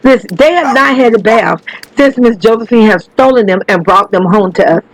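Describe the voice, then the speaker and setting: A woman talks her viewers through a life-sim game in loose, animated commentary. She swears freely, laughs a lot and keeps calling her audience baby. Her voice leaps higher whenever something delights or shocks her. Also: normal speed, a little hiss or hum, rough recording. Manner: animated, chatty and profane, calls viewers baby; laughs often, voice jumps high when excited. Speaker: gaming channel host. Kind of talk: casual gameplay commentary.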